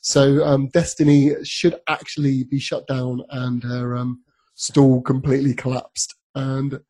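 A man's voice: mid-range voice, flat delivery, a little slow, dark tone. A man co-hosting a podcast, chatting casually about a TV episode, with many ums and frequent laughs. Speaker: podcast co-host. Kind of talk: casual chat recapping a TV episode.

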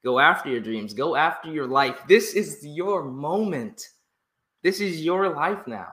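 A young man hosting a casual interview podcast, excitable and laughing often. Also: a little high, a little slow, roomy sound. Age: young adult. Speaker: podcast host.

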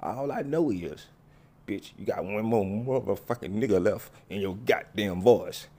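A man's voice: lowish voice, unhurried, mellow. A man voicing a hot-tempered tough guy who curses and threatens. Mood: angry. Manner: gruff, cursing, threatening. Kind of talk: comedy skit voices.

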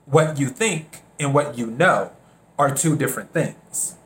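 A man from South Carolina hosting a reflective solo podcast, unhurried, repeating his phrases and acting out bits of dialogue. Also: mid-range voice, a bit bright. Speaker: podcast host.

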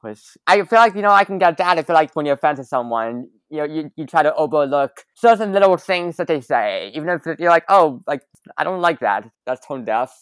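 A woman's voice: deep voice, lively intonation, fairly quick, smooth, no echo. A woman podcast host in casual chat, recapping a movie's plot with lots of fillers and little laughs.

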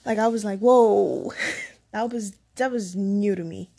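A woman's voice: medium pitch, fairly even intonation, moderate pace, mellow, slightly rough. A young woman from the Dominican Republic telling a personal story in a rambling, casual way that often goes off track. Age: young adult. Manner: rambling, sidetracked, laughs often. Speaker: vlogger.

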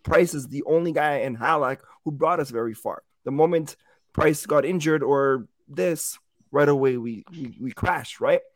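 A man co-hosting a sports podcast in casual chat. He is animated, swears now and then, and rephrases himself mid-thought. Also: fairly high pitch, normal speed, no echo, clean studio sound. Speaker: podcast co-host.

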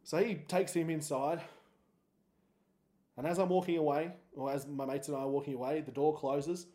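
Aussie guy hosting his podcast, chill and jokey, mellow dark tone, a bit higher pitched. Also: fairly even intonation, normal speed. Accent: Australian. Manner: laid-back, joking, rambling with restarts. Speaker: podcast host. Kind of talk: solo storytelling podcast.

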